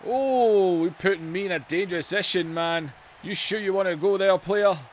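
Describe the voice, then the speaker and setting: A brash older wrestler, as a gamer puts him on, swaggers and brags in a cocky drawl. The voice is somewhat high, with a light wash of noise behind it. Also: male voice, normal speed, close to an everyday voice. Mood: swaggering. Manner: cocky, swaggering trash talk. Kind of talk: mock wrestling promo over a video game.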